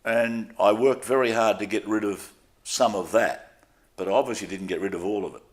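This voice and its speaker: An older Australian sports broadcaster tells stories candidly and with self-deprecating humor in a relaxed interview. His voice sits fairly low, and he speaks at a moderate pace.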